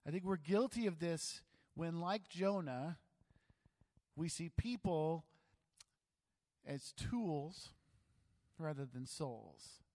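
A pastor preaches in a relaxed, chatty way and jokes at his own expense. His voice is a man's, pitched fairly high. The sanctuary adds a long, trailing reverb. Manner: conversational, self-deprecating humor. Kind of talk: sermon.

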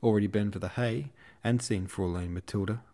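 An easygoing young hussar officer chats in a friendly, casual way, read by a man. The voice is low and close to the narrator's own in this audiobook. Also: brisk, dark tone, close to an everyday voice.

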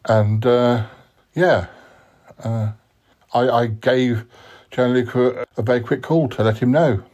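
A man hosting a comedy podcast, telling the story in a hesitant, halting way. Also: medium pitch, steady tone, darkish tone, muffled recording. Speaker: podcast host.

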